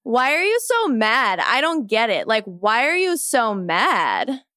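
A man voicing a teasing young female caller in a high falsetto with drawn-out, sing-song questions. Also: huge pitch swings, pushed and bright, no echo, studio quality, exaggerated voice.

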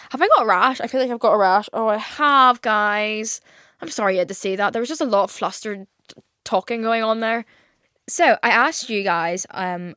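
A woman's voice: medium pitch, a bit bright, dry recording, clean studio sound. A young woman hosting her own podcast, chatting casually and rambling with lots of swearing and fillers. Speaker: podcast host. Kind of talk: casual solo podcast chat.

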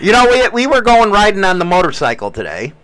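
Lively, joking male podcast host. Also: high voice, quick pace, background noise. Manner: joking, profane, laughs often; animated storyteller. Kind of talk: crude casual banter.

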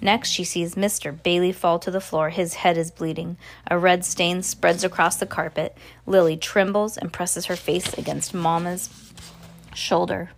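A woman reads a ghost story aloud in a fairly low voice. Her reading is expressive, and now and then she breaks off for a casual aside. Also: unhurried, creaky, a little hiss or hum. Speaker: storybook reader.

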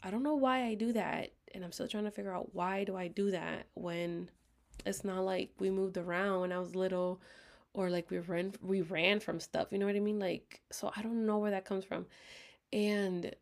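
A woman casually telling a personal story to her viewers, candid and expressive, swearing freely and slipping into half-whispers, with a dry throat she keeps clearing. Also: mid-range voice, moderate pace. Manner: talks in bursts, often drops to a half-whisper. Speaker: vlogger.

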